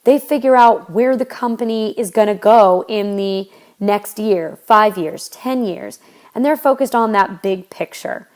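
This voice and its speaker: Woman, history lecture, casual teacher talk, step-by-step explaining, fillers and restarts, mid-pitched voice. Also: measured pace, a little mellow.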